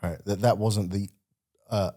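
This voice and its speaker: A man co-hosting a podcast in casual chat, relaxed and agreeable, laughing along. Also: fairly low pitch, a little slow.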